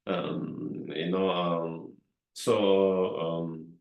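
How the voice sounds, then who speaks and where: A man whose first language is Tibetan, giving a dharma talk in a slow, halting way with many fillers and repeated words. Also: low-pitched, little pitch movement, gravelly, darkish tone. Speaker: Buddhist teacher. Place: meditation hall. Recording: echoey room.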